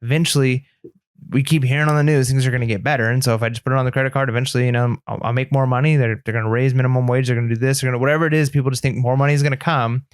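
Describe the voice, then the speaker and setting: A man's voice: mid-range voice, fairly even intonation, racing, clear, resonant tone, no room sound, studio quality. A man co-hosting a podcast in casual chat, talking earnestly and rambling with lots of "like" fillers. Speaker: podcast co-host.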